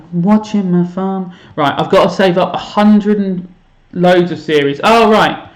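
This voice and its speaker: Playing a game on a live stream for his students, a teacher talks casually from his home room, self-deprecating and musing aloud to viewers. He has a high voice and a slow pace, and the room echoes.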